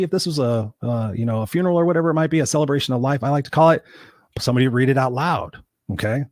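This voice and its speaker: Fast-talking emphatic man coach. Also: mid-range voice, dry recording, studio quality. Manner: emphatic, speaks straight to listeners. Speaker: guest, motivational coach. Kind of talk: storytelling interview talk.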